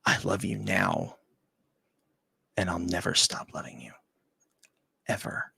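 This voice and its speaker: A man hosting a talk show, telling a personal story in a halting, emotional way, often dropping to a quiet near-whisper and repeating his words. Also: low voice, lively intonation, creaky, slightly rough, dry recording. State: choked up. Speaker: show host.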